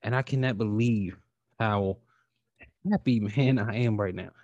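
A man hosting his own podcast in a casual, rambling way, talking with animated feeling and casual swearing. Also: lowish voice, a little slow, no room sound, lo-fi sound. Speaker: podcast host. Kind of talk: casual solo podcast talk.

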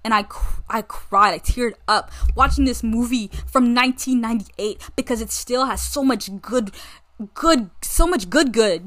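A woman's voice: a little high, moderate pace, fairly bright tone. A young American woman hosting a podcast, chatting in a rambling, enthusiastic way about a movie. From United States. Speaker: podcast host. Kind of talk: casual solo movie review chat.

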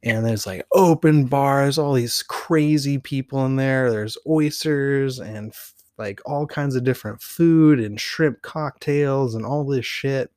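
A man hosts a podcast, telling a personal story in a casual, animated and rambling way, full of fillers. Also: medium pitch, slow, no room sound, clean studio sound. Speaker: podcast host.

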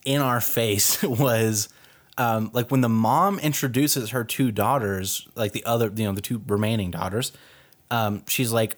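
A man's voice: fairly low pitch, normal speed. Young texan guy cohosting a podcast, chatty, lots of likes and laughs. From Texas. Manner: animated, laughs often, many fillers. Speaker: podcast co-host. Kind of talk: casual film chat.

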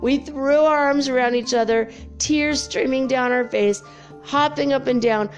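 A woman's voice: sits high, a little slow, muffled recording, faint music behind. A middle-aged woman in casual chat, swearing freely and telling stories with animation. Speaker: spiritual vlogger.

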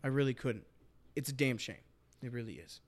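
A man's voice: mid-range voice, brisk. A young man hosting a sports podcast, talking with emphatic passion and repeating his points for effect. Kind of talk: casual sports chat.

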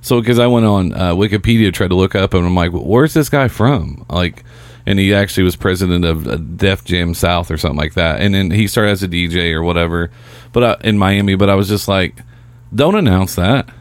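Guy with a lowish voice, easygoing, kinda halting, dry sound. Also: steady tone, clean tone, dry recording. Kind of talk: casual chat.

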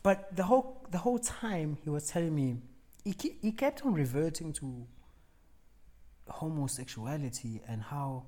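A man's voice: a little high, moderate pace. A young man with a South African accent, switching between Zulu and English as he tells a story in casual chat, laughing now and then. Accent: South African, mixing Zulu and English. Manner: animated storyteller, laughs mid-story, drops voice for quoted lines.

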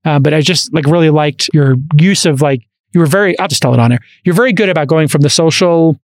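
A man hosting a podcast, chatting casually and telling stories with quick asides and restarts, into a studio microphone. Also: fairly high pitch, dry recording. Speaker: podcast host.

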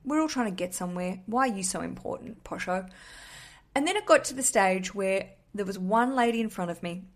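A woman's voice: mid-range voice, expressive, a little fast. A young adult woman with an Australian accent, hosting a podcast and telling a story in a chatty, candid way that includes casual swearing. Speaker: podcast host.

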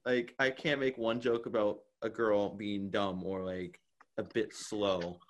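A man's voice: lowish voice, measured pace. A young man hosting a podcast in casual chat, telling stories and acting out quotes with lots of laughter. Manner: animated storyteller, acts out quotes with laughter. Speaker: podcast host.

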